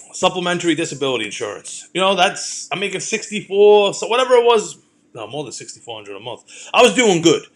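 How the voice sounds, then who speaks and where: A middle-aged man tells heated stories in a profane, rambling monologue. His voice sits fairly high for a man. He talks casually, as the host of his own show. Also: a bit bright. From Brooklyn, New York. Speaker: podcast host.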